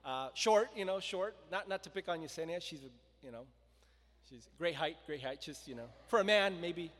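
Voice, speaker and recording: A man preaching a sermon, telling the story with lively voices for the crowd and stopping to ask his listeners questions. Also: a little high, normal speed. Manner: animated storytelling, acting out the crowd and quotes. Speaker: pastor. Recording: long reverb of a large hall.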